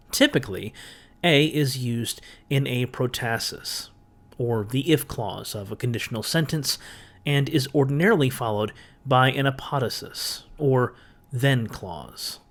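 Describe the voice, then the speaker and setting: A man hosting a biblical studies channel, reading a scripted lecture in a methodical, explanatory way with touches of dry humor. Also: medium pitch.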